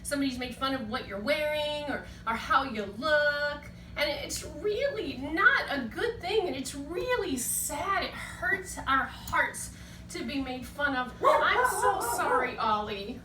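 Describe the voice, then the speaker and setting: A woman teaching a children's Bible lesson, talking to the kids in an animated, gushing, sing-song way. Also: high voice, unhurried. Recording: echoey room, mic at a distance.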